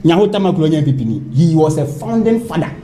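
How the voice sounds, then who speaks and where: Animated Ghanaian man debating politics. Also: a little high, fast talker, soft background music. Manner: animated, reads out documents, protests interruptions. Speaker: panelist.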